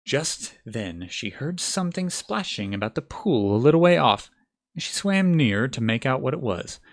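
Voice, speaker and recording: Man reading an audiobook, lively pitch. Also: normal speed. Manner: first-time reading, with stumbles and restarts. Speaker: audiobook narrator.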